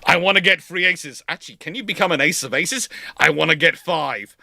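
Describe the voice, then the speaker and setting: A man's voice: on the high side, a little fast, creaky, bright, forceful tone, no echo, pitched above the performer's own voice, full character voice. A man putting on a gleeful, greedy warship voice. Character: eager, obsessive warship hungry for submarine kills.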